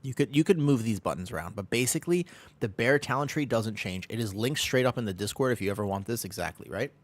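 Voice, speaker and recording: A man's voice: lowish voice, lively intonation, fast talker. A man with a Midwestern American accent chatting casually with viewers while he plays, upbeat and joking, often breaking into laughter. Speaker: streamer. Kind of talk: casual live-stream chat while gaming.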